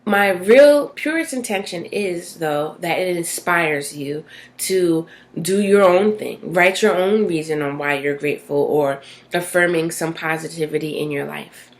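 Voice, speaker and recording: A woman's voice: lowish voice, unhurried. A woman vlogging casually from her bathroom, chatty and rambling, with many fillers and tag questions. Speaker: self-help vlogger. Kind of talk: casual talking-to-camera vlog. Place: small bathroom at home.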